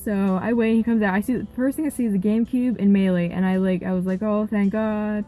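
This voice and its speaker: A young woman vlogger telling a rambling, animated story about a yard sale, with quoted back-and-forth. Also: mid-range voice, fast talker, faint music behind, rough recording. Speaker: gaming vlogger. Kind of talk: casual storytelling vlog.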